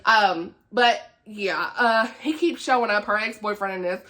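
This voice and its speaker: A woman's voice: mid-range voice, unhurried, fairly bright tone. A woman with a Southern US accent chatting casually as a book vlogger, laughing often and dropping folksy asides. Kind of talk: casual chat.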